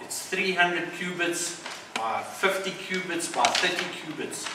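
A man's voice: high voice, lively intonation, measured pace, pitched above the performer's own voice. A man voicing God in a told joke, patiently repeating commanding instructions. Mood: insistent. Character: insistent voice of God giving orders. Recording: echoey hall from far off with background noise.

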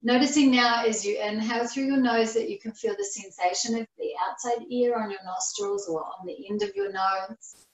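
A woman teaching a guided yoga class, giving slow, calm breathing cues with long pauses. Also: fairly high pitch. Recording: roomy echo, voice far from the mic.

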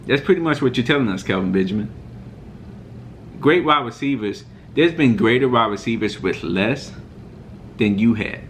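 A man's voice: mid-range voice, a bit bright, a little hiss or hum. A man vlogging a heated, mocking sports reaction rant. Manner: mocking, fired-up ranting.

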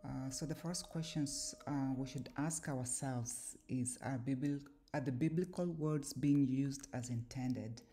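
Low-voiced woman teaching slowly. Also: mellow, slight background noise. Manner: slow, deliberate, with filler pauses. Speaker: language and scripture teacher. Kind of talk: explanatory lesson.

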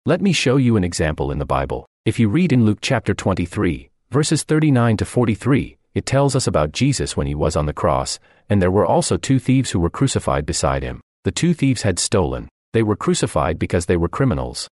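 A man's voice: on the low side, big pitch swings, a little fast, darkish tone, no echo. A man voicing a translated radio sermon, preaching earnestly and emphatically with repeated phrases, close to the mic.

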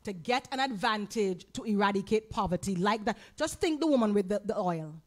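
A woman pastor with a Caribbean accent teaching a Bible lesson, animated, asking the audience questions and acting out quoted lines. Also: medium pitch, a little fast. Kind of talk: sermon-style Bible teaching.

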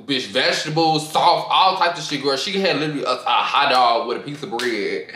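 Young male vlogger, sassy and animated storyteller, bright voice, roomy echo. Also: medium pitch, a little fast. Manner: animated, profane, sassy, mimics friends' voices. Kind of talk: casual storytime rant.

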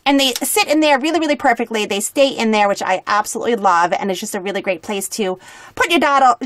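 High-voiced gushing toy-unboxing woman. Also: quick pace, dry recording. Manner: gushing, excited, chatty.

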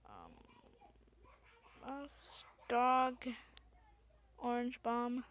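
A woman giving excitable let's-play commentary, often exclaiming and swearing at the game. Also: a little high, drawn-out words. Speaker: gamer.

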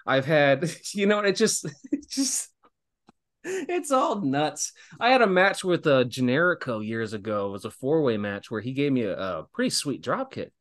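A man's voice: mid-range voice, normal speed. A man in his thirties, a wrestling guest, telling stories casually with lots of laughs and acted-out quotes. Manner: animated, laughing storyteller who acts out quotes. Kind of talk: casual storytelling.

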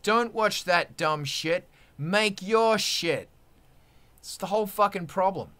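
Fired-up swearing man, bright high voice. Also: takes it slowly. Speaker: musician hosting a live stream. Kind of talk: profane casual rant.

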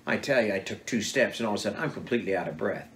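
A man's voice: fairly low pitch, very fast. Man, storytelling father, mid-range voice, plays out every quote with relish, a faint background hum. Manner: animated, acts out quoted dialogue. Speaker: father telling hunting stories. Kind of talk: casual storytelling interview.

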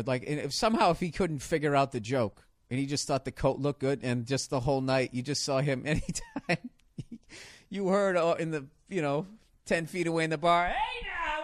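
A man hosting a podcast, telling a comic story in a profane, animated way. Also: fairly high pitch, no echo. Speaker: podcast host. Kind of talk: comedic podcast rant.

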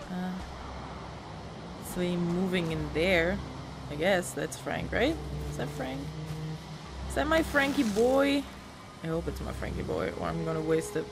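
A gaming YouTuber with a lowish voice gives live, panicky let's-play commentary, swearing, laughing and begging an enemy in the game. Game music plays behind her, along with background noise.

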